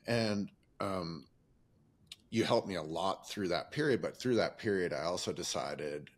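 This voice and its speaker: Very deep husky man in his fifties. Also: animated, a little slow. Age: 50s. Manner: candid, rambling, self-reflective. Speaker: podcast host. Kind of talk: reflective casual conversation.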